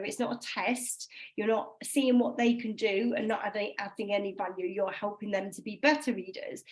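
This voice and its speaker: A woman's voice: mid-range voice, rough recording. A woman from England, a phonics trainer, explaining to volunteers in a conversational, reassuring way over a video call. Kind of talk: online training session talk.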